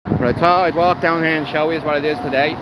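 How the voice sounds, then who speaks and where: A Dublin man with a slightly raised voice talks bluntly into his phone as he walks, swearing freely. Clear traffic hum and street noise sit around him outdoors. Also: a little high, fairly even intonation, quick pace. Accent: Irish, Dublin. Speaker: livestreamer. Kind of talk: walking livestream commentary.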